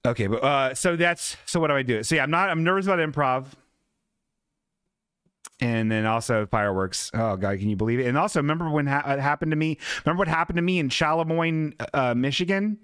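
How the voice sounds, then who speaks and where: A man's voice: on the high side, a little fast, a bit bright, smooth, no echo, clean studio sound. A man hosting a live-streamed podcast in casual chat, rambling, self-deprecating and swearing a lot. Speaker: podcast host.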